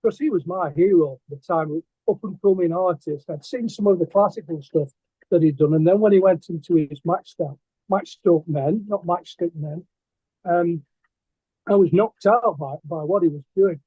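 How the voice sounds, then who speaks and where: A man's voice: high-pitched, normal speed, slightly rough, no echo. Older man on a tinny line. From England. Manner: rambling, hesitant, with many fillers and restarts. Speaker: guest artist and poet. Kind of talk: casual interview storytelling. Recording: dry, tinny phone-like line.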